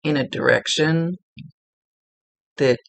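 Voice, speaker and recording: Gravelly woman giving a psychic reading. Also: low-pitched, no echo, poor audio. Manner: halting, searching for words. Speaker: psychic medium.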